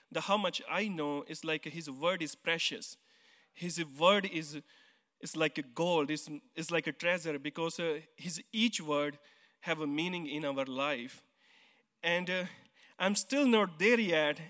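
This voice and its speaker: A man with an Indian accent tells his story of faith in simple, earnest English, sometimes stumbling and restarting. His voice is a little high and bright with a forceful edge. It rings through the long reverb of a church hall. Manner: simple, earnest, non-native grammar, some hesitant restarts. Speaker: church member giving testimony. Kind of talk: personal testimony on stage. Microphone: handheld mic.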